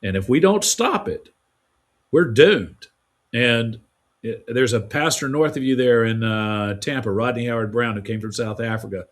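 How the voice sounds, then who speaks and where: A man speaking at an ordinary mid pitch, chatting through an interview. He rambles in a folksy way, starting sentences over as the stories pile up. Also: moderate pace. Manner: rambling, folksy storytelling with restarts. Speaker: guest. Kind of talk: casual interview conversation.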